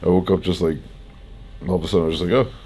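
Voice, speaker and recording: Deep-voiced laid-back guy. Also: fairly even intonation, racing, warm tone, slight background noise. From Canada. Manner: laid-back, laughing often, swearing, rambling with many likes. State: groggy after surgery. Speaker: fitness vlogger. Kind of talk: casual storytelling. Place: hospital room.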